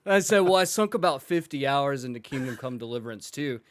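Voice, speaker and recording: A man's voice: medium pitch, normal speed, no echo, clean studio sound. A male podcast host telling a comic story, acting out the quoted dialogue. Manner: animated, acts out quoted dialogue. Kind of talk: comedic storytelling.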